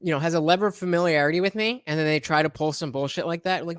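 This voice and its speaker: This man streams himself commenting on a debate clip, talking at a racing pace in a slightly high voice. His loose reaction is rambling and blunt, peppered with fillers, restarts and swearing, on a dry close mic without echo.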